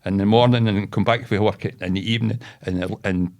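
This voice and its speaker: A man's voice: on the low side, brisk, creaky. A Scottish man co-hosting a podcast, telling a story in a loose, laughing, sweary way. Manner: animated, laughing, swearing freely. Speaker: podcast co-host. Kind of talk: casual storytelling.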